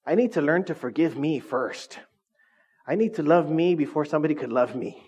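A man's voice: a little high, animated, fairly quick, darkish tone, slightly rough. A male pastor mimicking an earnest woman talk show host reciting self-love affirmations, in a dull, lo-fi recording. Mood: mock earnest.

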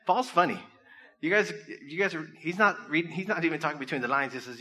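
Bright-voiced man preaching casually. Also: medium pitch, lively intonation, normal speed, long pauses. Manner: conversational, jokey, asks the crowd questions. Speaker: pastor. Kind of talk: casual sermon.

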